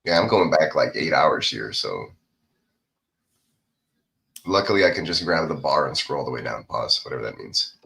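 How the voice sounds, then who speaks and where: A man's voice: rumbling low, lively intonation, normal speed, vocal fry, long pauses, pushed and bright. A man co-hosting a podcast, chatting casually and calling plays while watching a football game. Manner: play-by-play remarks, laughs often. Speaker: podcast co-host.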